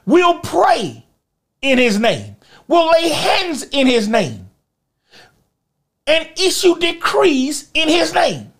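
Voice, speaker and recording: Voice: high voice, wildly swooping pitch, slow, long pauses, a bit bright. A pastor preaching a sermon and retelling Bible stories with emphasis. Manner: emphatic preaching with vivid storytelling.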